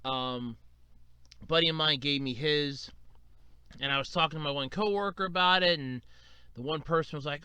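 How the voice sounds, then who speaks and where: A man's voice: a little high, moderate pace, long pauses, bright, forceful tone, clear, resonant tone, dry recording. A man hosting a solo podcast, talking casually and animatedly, swearing freely and acting out quotes. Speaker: podcast host.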